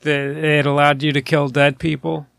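High, gravelly joking man. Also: flat delivery, normal speed, fairly bright tone, dry recording, clean studio sound. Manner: joking, teasing. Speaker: podcast co-host. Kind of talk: casual chat.

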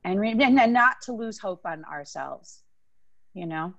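A woman, a talent agent guest in a remote interview, talking warmly with many restarts. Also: medium pitch, animated, vocal fry, no echo, muffled recording. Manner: warm, effusive, halting restarts. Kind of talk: casual interview chat.

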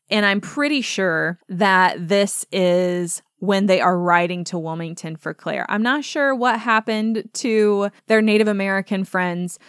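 A woman's voice: on the low side, clear, resonant tone, no echo, studio quality. A young adult woman hosting a podcast, breaking down a show trailer in a chatty, opinionated, gushing way. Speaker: podcast host. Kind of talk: casual trailer breakdown commentary.

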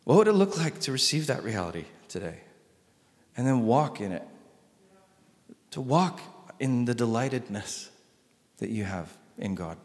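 A male pastor preaching a sermon, swinging between loud emphatic lines and soft hushed ones. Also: medium pitch, very animated, unhurried, pauses often, big-room sound.

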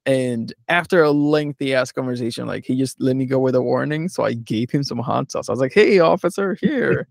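A man's voice: mid-range voice, steady tone, a little fast, gravelly, hardly any pauses, no room sound, clean studio sound. A young man from Philadelphia telling a road-trip story in a casual podcast chat, rambling and laughing as he acts out the people he met. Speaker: podcast co-host.

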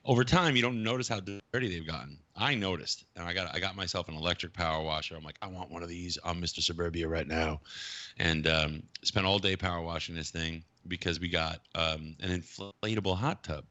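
A man's voice: sits low, a little fast, hardly any pauses, sharp tone. A man chatting casually on a podcast, rambling, self-mocking and swearing freely. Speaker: podcast co-host. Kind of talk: casual chat.

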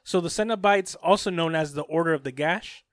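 A man's voice: on the high side, brisk, dry recording, studio quality. A man co-hosting a podcast, steadily reading out background facts. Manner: steady, reads facts aloud. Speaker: podcast co-host. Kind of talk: casual chat and reading notes.

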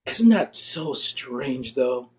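A man's voice: mid-range voice, lively intonation, extremely slow. A man talking as a podcast guest, reflective and often searching for his words in casual conversation.

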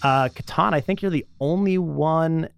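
A man's voice: fairly high pitch, normal speed, creaky, clear, resonant tone, dry recording, studio quality. A man acting as game master, narrating a tabletop game with vivid descriptions of combat.

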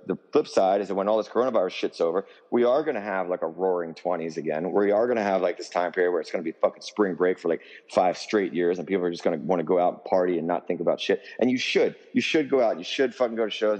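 A man's voice: sits low, a little mellow, long reverb tail, poor audio. A man being interviewed as a musician guest, talking in a fired-up, profane, emphatic rant. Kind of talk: heated interview talk.

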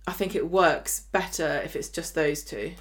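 Chatty sarcastic woman podcaster. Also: low-pitched. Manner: chatty, sarcastic, mocks characters in quick asides. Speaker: podcast co-host. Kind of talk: casual chat recapping a soap opera.

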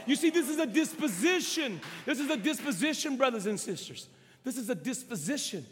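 A pastor preaching a sermon in a church, calling out to the congregation and swinging from soft delivery to shouts. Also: male voice, extremely high pitch, expressive, a little fast. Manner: impassioned preaching with call-and-response. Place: church sanctuary. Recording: long hall reverb.

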